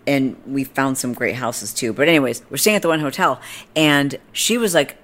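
Woman in her 30s, low voice, podcast host, animated snarky storyteller. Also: moderate pace. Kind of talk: casual storytelling.

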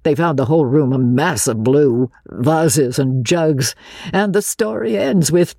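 A woman's voice: sits low, unhurried, vocal fry, breathy edge, no echo, clean studio sound. A woman giving a dramatic reading of a classic novel, voicing each character as she narrates. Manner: expressive, gives each character a voice.

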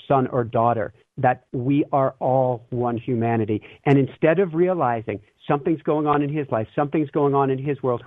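A man's voice: mid-range voice, dry recording. A man guesting on an interview, telling stories earnestly and with energy, laughing now and then. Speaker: interview guest, spiritual teacher. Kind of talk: animated conversational storytelling. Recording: tinny phone-like line, dry.

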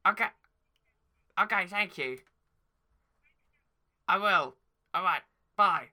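A man's voice: high-pitched, lively intonation, slow, pushed and bright. A man co-hosting a podcast, playing the bossy straight man in an improvised comedy sketch and keeping the bit on track. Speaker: podcast co-host.

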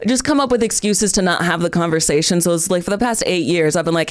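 A woman's voice: on the low side, quick pace, no room sound, clean studio sound. A young woman comedian telling wry stories as a guest, laughing often. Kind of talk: casual interview chat.

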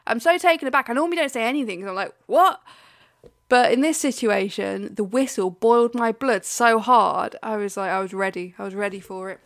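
A woman's voice: on the high side, quick pace, hardly any pauses. A woman co-hosting a podcast in casual chat, ranting animatedly, swearing freely and laughing often. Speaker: podcast co-host.

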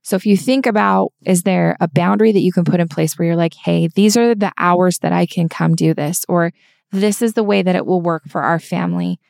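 A woman's voice: on the low side, a little fast, creaky, a little mellow, dry recording, clean studio sound. A woman co-hosting a podcast, talking earnestly and encouragingly through examples in casual conversation. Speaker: podcast co-host.

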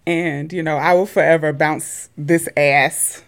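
A woman's voice: sits low, steady tone, measured pace, vocal fry. A woman co-hosting a podcast in casual, playful chat, laughing often. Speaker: podcast co-host.

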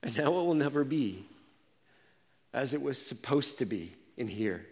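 A man preaching a sermon as pastor, telling personal stories and moving from quiet reflection to intense emphasis. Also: medium pitch, lively intonation, unhurried, in a large hall.

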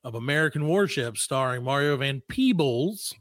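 A man's voice: medium pitch, expressive, normal speed, a bit bright, dry recording. A man co-hosting a podcast in casual chat, joking around and slipping into goofy impressions. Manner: jokey, breaks into goofy impressions. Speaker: podcast co-host.

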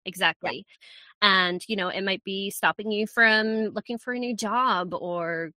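A woman host whose Scottish accent has drifted toward American, friendly and quick to laugh. Her voice is bright and forward, and it sounds very dry and close because she records in a small clothes closet. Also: mid-range voice, no echo. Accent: Scottish mixed with American. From Scotland. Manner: friendly, laughs often, agreeable. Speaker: podcast host. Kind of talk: casual interview chat.

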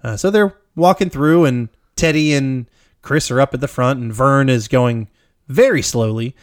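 A man's voice: medium pitch, moderate pace, dry recording, clean studio sound. A man co-hosting a podcast, recapping a film in casual, rambling chat, swearing freely and laughing often. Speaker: podcast co-host.

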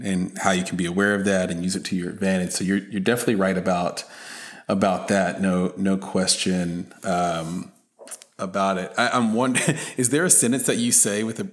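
Low-voiced male podcast host. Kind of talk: interview questions.

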